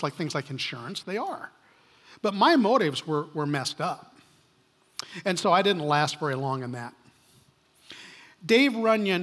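On a church stage, this preacher's slightly high, somewhat bright voice rings with long hall reverb. The pastor delivers his sermon through conversational stories, often restarting his sentences.

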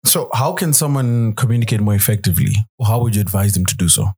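Husky, animated man hosting. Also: lowish voice, fast. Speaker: podcast host. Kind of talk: casual interview chat.

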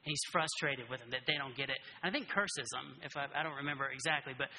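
A man preaching a casual, animated sermon who keeps checking in with his listeners by asking "right?". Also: mid-range voice, quick pace. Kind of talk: conversational sermon. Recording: reverberant hall.

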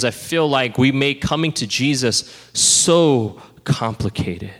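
A man preaching a sermon as pastor, conversational and animated, sometimes dropping to a hush. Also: mid-range voice. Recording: reverberant hall.

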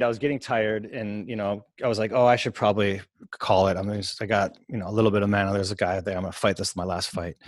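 In clean studio sound with no room echo, a man with a lowish voice hosts a podcast and spins a long, rambling story about a game. He's animated and keeps interrupting and restarting his own sentences in casual chat.

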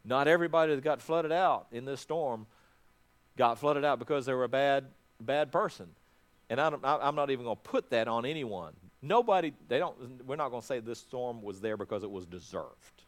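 A man's voice: mid-range voice, expressive, moderate pace. A middle-aged man, a pastor, preaching a sermon in a conversational way, often restarting his words.

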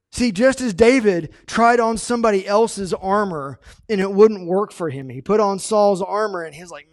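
A man preaching a sermon, animated, acting out the story's characters as he retells them. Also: high voice, a little slow. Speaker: pastor.

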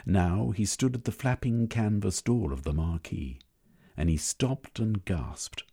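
A man narrating an audiobook in a measured, expressive storytelling manner. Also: lowish voice, vocal fry, husky.

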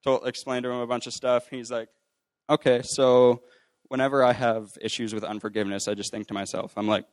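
A man's voice: medium pitch, little pitch movement, fairly quick, no echo. A young man casually sharing a personal faith story, rambling with lots of fillers and restarts and acting out what others said. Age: young adult. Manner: acts out quoted voices. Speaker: ministry student sharing a testimony.

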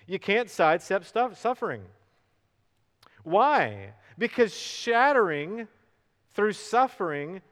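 Middle-aged male pastor, dramatic sermon delivery, slow emphatic stresses, bit higher than usual. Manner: dramatic swings from hushed to loud with slow emphatic words. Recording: long hall reverb.

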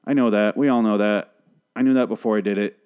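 Male podcast host, low-ish voice, swears freely, rambles and corrects himself mid-recap. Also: steady tone, fast talker, smooth, muffled recording. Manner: rambling, profane and self-correcting. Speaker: TV show review host. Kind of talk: casual solo recap podcast.

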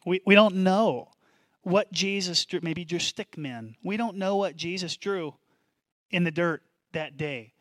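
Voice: medium pitch, a bit bright, no room sound, clean studio sound. A pastor preaching a sermon in an emphatic, conversational way, often turning to the congregation with questions.

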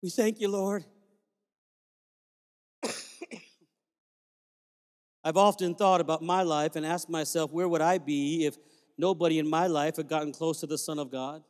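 High-voiced preacher with a long hall echo. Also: male voice, fairly even intonation, moderate pace, long pauses, a little mellow. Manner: storytelling, fervent, exhorting. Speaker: pastor. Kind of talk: sermon. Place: church sanctuary. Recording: reverberant church hall.

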